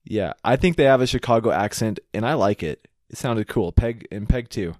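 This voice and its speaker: A man's voice: fairly low pitch, normal speed, dry recording. Chatty man with dry close sound. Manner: relaxed, chatty, repeats words often. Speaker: podcast co-host. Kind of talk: casual chat reviewing a TV show.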